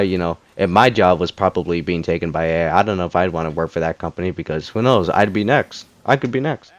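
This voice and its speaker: A man's voice: low-pitched, dry recording. A man giving a casual gaming rant to his audience, rambling with many fillers and restarts. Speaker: gaming commentator.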